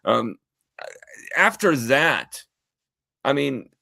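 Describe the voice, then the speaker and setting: A man hosting a sports interview show, recapping plays quickly and repeating words as he goes. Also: mid-range voice, very animated, creaky, bright, forceful tone, no echo.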